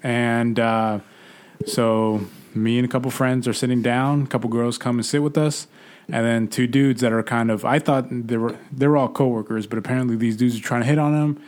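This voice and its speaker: A young man casually telling a bar story in a relaxed chat, swearing freely. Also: mid-range voice, normal speed. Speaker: podcast co-host telling a story.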